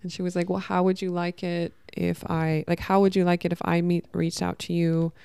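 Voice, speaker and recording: A woman's voice: lowish voice, little pitch movement, moderate pace, creaky, mellow, clean tone, no room sound. A young woman telling a personal story to camera, emotional and rambling, full of restarts and quoted dialogue, recorded at home. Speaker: vlogger.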